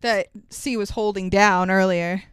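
A woman casually recapping a film with a co-host, animated and swearing, acting out the lines she quotes. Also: mid-range voice, unhurried, smooth, no echo.

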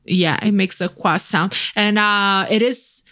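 A woman from Brazil with a Brazilian accent, co-hosting a podcast in a relaxed, easygoing way with light laughs. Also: medium pitch, measured pace. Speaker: podcast co-host. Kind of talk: casual podcast chat.

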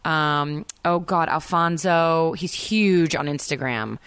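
Chatty actress guest, lowish voice, rambling, dry studio mic. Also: female voice, takes it slowly, fairly bright tone, clean tone, no echo. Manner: chatty, rambling with fillers and self-corrections. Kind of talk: casual chat.

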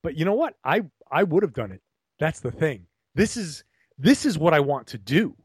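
A man's voice: a little high, moderate pace, slightly rough, no room sound. Chatty man with a trained broadcast voice. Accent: neutral General American, trained. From Rhode Island. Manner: chatty, animated storytelling with restarts. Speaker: guest, broadcaster and blogger. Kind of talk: casual podcast interview.

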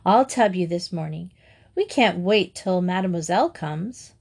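A woman's voice: on the low side, expressive, normal speed, vocal fry, darkish tone, slightly rough, exaggerated voice. A woman voicing a firm, sensible older schoolgirl.

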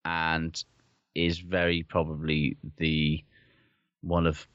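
Brief: low-voiced blunt co-host, swears freely, dry muffled lo-fi recording. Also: male voice, monotone, takes it slowly, smooth, no room sound. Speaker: podcast co-host. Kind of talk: casual chat about rugby. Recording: dull, dry lo-fi sound.

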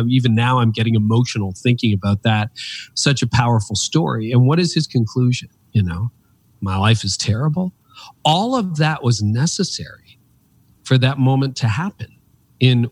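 A Canadian author and speaker in his fifties appears as a podcast guest, telling reflective stories in an interview. His delivery is animated and emphatic, with leaps in pitch.

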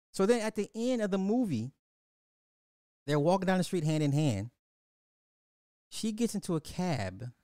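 A man's voice: sits high, mellow, no echo, clean studio sound. A man hosting a podcast, animatedly recapping a movie, repeating phrases and acting out the characters. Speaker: podcast host. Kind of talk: casual movie recap commentary.

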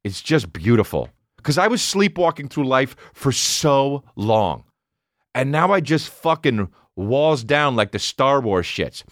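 A man in his thirties, a comedian telling a rambling, profane story in casual chat, mumbling low one moment and shouting the next. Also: unhurried, no echo, studio quality. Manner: profane, animated, swings between mumbling and shouting.

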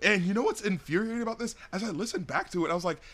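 A man co-hosting a podcast, chatting casually through an album review, rambling and animated, full of "like" and "you know". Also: high voice, very fast. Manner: acts out lyrics and studio scenes in loud put-on voices.

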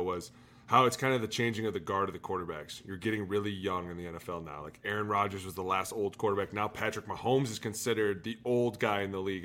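Animated, bright-voiced ex-player telling stories. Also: male voice, fairly low pitch. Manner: animated storyteller, shouts out quoted lines. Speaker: podcast co-host, former NFL player. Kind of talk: casual storytelling chat.

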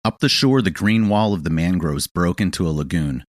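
A man reading a literary audio play in a measured, understated storytelling manner, close to the microphone. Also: deep voice, expressive, no echo. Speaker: audiobook reader. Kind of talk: scripted narration of an audio play.

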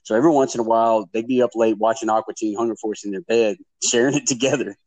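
A man's voice: lowish voice, steady tone, fast talker, darkish tone, no room sound, low-quality recording. A man, hosting a casual podcast chat and laughing often as he tells stories. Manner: laughs often while telling stories, swears. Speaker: podcast host.

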